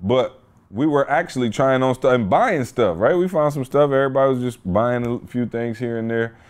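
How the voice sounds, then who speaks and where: A man's voice: mid-range voice, a little fast, clean tone. A man hosting a podcast, telling a story in casual, slangy chat. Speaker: podcast host.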